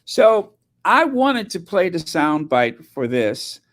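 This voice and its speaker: A male host in casual commentary, voice sitting in a medium pitch. He speaks very slowly, hesitating and restarting as he goes. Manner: hesitant, many fillers and restarts. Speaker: channel host.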